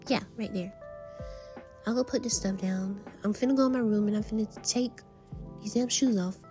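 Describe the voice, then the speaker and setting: A woman's voice: mid-range voice, normal speed, music in the background. A woman performing a casual fan role-play audio drama, trading slangy, teasing banter as she voices several friends.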